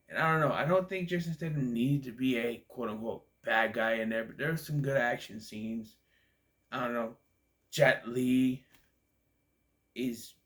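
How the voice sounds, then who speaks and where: A man's voice: mid-range voice, a bit bright. A sleepy man ranking movies in a casual vlog, rambling with lots of fillers and trailing off. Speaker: movie reviewer.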